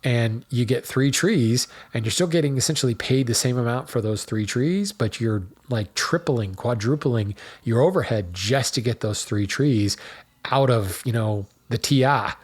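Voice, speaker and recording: A man's voice: mid-range voice, moderate pace, slightly rough, lightly acted. A man voicing a weary veteran male logger with a Maine accent, complaining in a tired drawl.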